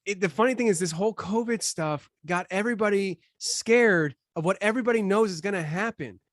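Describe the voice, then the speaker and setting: Animated man on a dry mic. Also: fairly quick, no room sound. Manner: animated, laughing, voice jumping high when riled up. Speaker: guest. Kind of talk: casual podcast chat.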